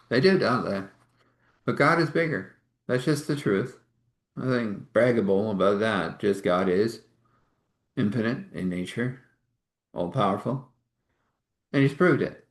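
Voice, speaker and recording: A man telling a spiritual story in a relaxed way, laughing often. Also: fairly low pitch, unhurried, pauses often. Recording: roomy echo.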